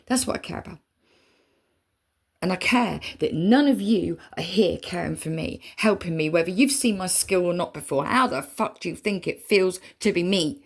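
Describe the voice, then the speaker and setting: A woman's voice: fairly low pitch, gravelly, husky. A woman in an emotional monologue spoken straight to her listeners, intense and swearing, sometimes dropping to a whisper. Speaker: spiritual reader. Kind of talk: emotional direct-to-camera monologue.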